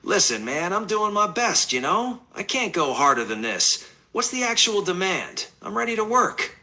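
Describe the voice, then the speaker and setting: A man's voice: sits high, big pitch swings, moderate pace, pushed and bright. A synthetic male voice assistant, obliging and eager to please, chatting casually in laid-back slang.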